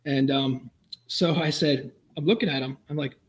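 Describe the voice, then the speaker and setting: Over poor audio, a slightly high male voice with fairly even intonation recounts police work. The middle-aged ex-officer tells brisk, wry, vivid anecdotes as part of a conversation.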